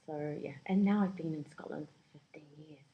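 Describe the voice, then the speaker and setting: A woman with a New Zealand accent speaks in a low register. She chats casually as an interview guest, laughing often and poking fun at herself. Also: brisk, dull audio. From born in England, raised in Yemen and New Zealand. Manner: laughs often, chatty and self-deprecating.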